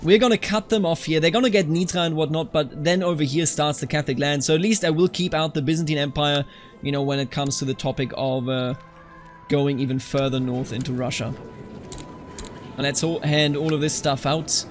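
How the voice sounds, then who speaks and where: A young man with a fairly high voice narrates his strategy game in a loose, chatty way. He swings into mock fury and scolds the characters on screen. Soft music plays underneath. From Germany. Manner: animated, quick to mock outrage, talks to game characters. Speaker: strategy game let's-player. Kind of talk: casual gameplay commentary.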